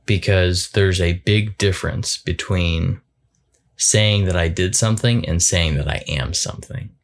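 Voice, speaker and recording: A man giving a reflective solo talk as a coach, thoughtful and halting, often repeating words as he goes. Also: sits low.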